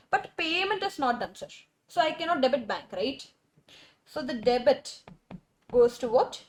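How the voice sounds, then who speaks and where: A young woman giving a classroom accountancy lecture, repeating key terms and quizzing her students. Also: sits high.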